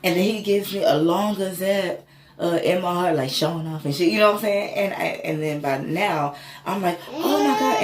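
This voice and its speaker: A woman vlogger casually telling an emotional spiritual story, swearing and rambling with many fillers. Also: deep voice. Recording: echoey room, faint ambient noise.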